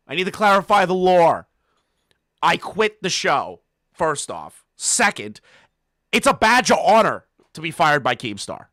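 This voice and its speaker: A man ranting on his commentary channel, with a bright, forceful voice that leaps all over the place. He is profane and mocking and breaks into laughter between jabs. The sound is dry and close. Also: sits high, no echo.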